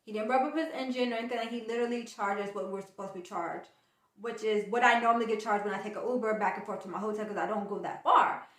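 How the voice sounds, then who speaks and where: A woman's voice: mid-range voice, fast talker. A woman vlogger telling a casual storytime and acting out the dialogue as she goes. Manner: animated storyteller, acts out quoted dialogue. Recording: echoey room, distant mic.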